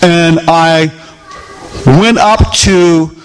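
A man's voice: a little high, extremely slow, clear, resonant tone, rough recording. A middle-aged man preaching a sermon to a congregation, repeating lines for emphasis and asking them questions. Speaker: pastor. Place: church sanctuary with congregation.

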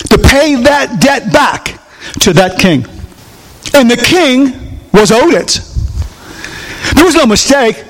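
High-voiced preacher swinging loud to hushed. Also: male voice. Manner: dramatic, call-and-response questions, swings between loud and hushed. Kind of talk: sermon.

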